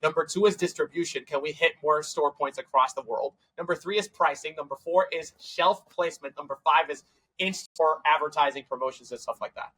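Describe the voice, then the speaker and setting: A man, a tech company CEO, telling stories as a guest in a casual podcast interview, acting out quoted dialogue with quick, run-on phrasing. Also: on the high side, sharp tone, husky, low-quality recording. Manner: fast, run-on phrasing with restarts.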